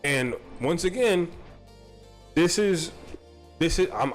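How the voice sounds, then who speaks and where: A man's voice: on the high side, lively intonation, slow pace, long pauses, faint music behind. A young man telling a rambling, profane story on a live stream, repeating himself as he goes. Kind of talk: casual storytelling.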